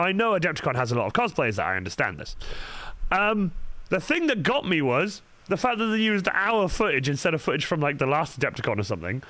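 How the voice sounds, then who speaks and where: A young man with a high, bright, forceful voice chats casually on a livestream as he paints, swearing constantly and muttering asides while he works. He's a cosplay livestreamer using a studio microphone, with no room sound and faint music in the background.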